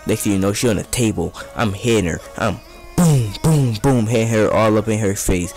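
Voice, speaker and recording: A man's voice: lowish voice, steady tone, fast talker, darkish tone, soft background music. A young man casually telling a story over gameplay, rambling in profane street slang.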